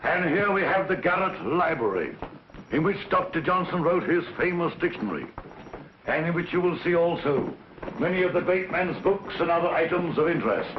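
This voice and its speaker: A man plays a pompous museum guide who lectures theatrically, his pitch rising and falling widely. The sound is a dull old film track with faint hiss. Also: animated, moderate pace, natural voice. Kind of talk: 1940s film acting.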